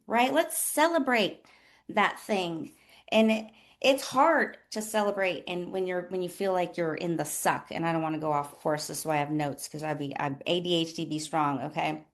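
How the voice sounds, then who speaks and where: A woman's voice: mid-range voice, moderate pace. A woman who works as a nurse coach, hosting a casual motivational talk in a candid, rambling way with lots of fillers. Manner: rambling and chatty, full of fillers like "like" and "um"; candid and self-deprecating.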